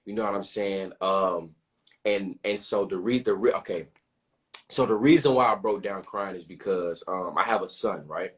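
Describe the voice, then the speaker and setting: A man's voice: low-pitched, normal speed. A young man telling a personal story in an open, earnest way, often repeating himself and asking "you know what I'm saying". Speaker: podcast host.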